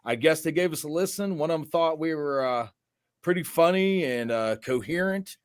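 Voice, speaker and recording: A man co-hosting a sports podcast, chatting in an easygoing, joking way with quick reactions. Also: a little high. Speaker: podcast co-host. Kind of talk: casual chat.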